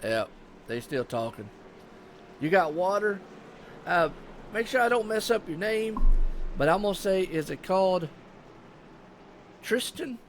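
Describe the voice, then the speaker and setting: A man's voice: high-pitched, animated, unhurried, pauses often, soft background music. A man with a Southern US accent giving casual, rambling live commentary on a sim race and chatting with viewers.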